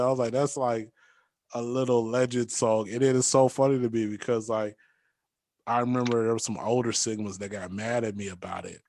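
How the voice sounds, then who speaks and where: Animated young man telling stories. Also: mid-range voice, a little fast. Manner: animated storyteller, acts out quotes, laughs often. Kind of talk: casual chat.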